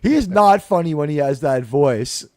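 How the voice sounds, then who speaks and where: A man's voice: a little high, expressive, moderate pace, darkish tone, no echo, clean studio sound. A man hosting a casual podcast panel, talking in a rambling, sarcastic way with mocking asides. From United States.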